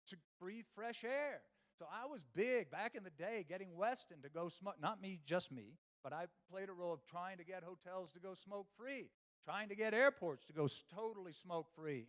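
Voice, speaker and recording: A man's voice: sits high, fairly bright tone. A middle-aged man giving a humorous conference keynote on stage, telling stories with quoted dialogue and going on rants. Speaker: keynote speaker. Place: conference stage before a live audience.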